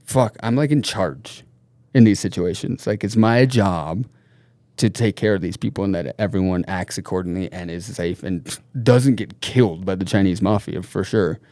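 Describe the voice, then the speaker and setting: A middle-aged man spins a rowdy road-trip tale as a podcast guest, cursing freely and animated. His voice sits low and the sound is dry and close, with no room around it. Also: moderate pace, no room sound. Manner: loose, profane, animated anecdote-telling. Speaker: podcast guest, snowboard team manager. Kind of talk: casual storytelling.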